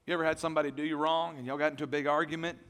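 A middle-aged man preaching a sermon as pastor, dynamic, swinging from loud to hushed. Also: fairly high pitch, little pitch movement, rapid-fire. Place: church sanctuary. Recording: long hall reverb.

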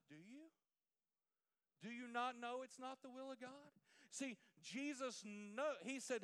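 A pastor preaching a sermon, swinging between hushed near-whispers and loud, emphatic lines. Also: male voice, extremely high pitch, moderate pace.

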